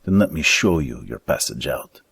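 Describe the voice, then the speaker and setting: A man's voice: extremely low pitch, lively intonation, normal speed, vocal fry, a bit bright, breathy edge, full character voice. A man voicing a sinister fat merchant with a thick foreign accent in a storybook reading. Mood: tempting.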